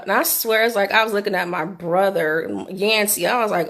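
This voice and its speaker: A middle-aged woman telling a candid personal story into her phone for a vlog, animated and swearing freely. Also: medium pitch, moderate pace, gravelly, hardly any pauses. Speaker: vlogger.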